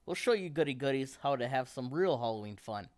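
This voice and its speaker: A man's voice: medium pitch, animated, brisk, lightly acted. A cocky young bully bear from a storybook, as a man reads him out. He sounds scheming and sure of himself, in a plain everyday voice.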